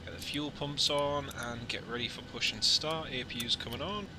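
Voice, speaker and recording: A man chats casually and jokily with his live-stream viewers, wandering off on tangents between radio calls. His voice sits in a middle pitch over a clear, steady background hum. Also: moderate pace. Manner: chatty, jokey, rambling asides to viewers. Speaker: flight sim streamer.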